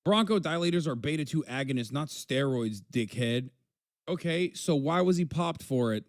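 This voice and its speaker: A man's voice: fairly high pitch, lively intonation, moderate pace, dry recording. Blunt, profane male streamer, dry sound. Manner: blunt, profane, talks back to chat. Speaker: streamer reacting to a video. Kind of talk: casual live-stream commentary.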